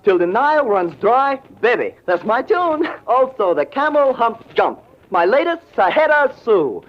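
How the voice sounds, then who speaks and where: A chatty young jive pianist rattles off hipster slang. His voice sits high and swoops all over the place, heard through dull vintage radio sound, 1940s radio acting. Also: sing-song, measured pace, heavily acted. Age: young adult.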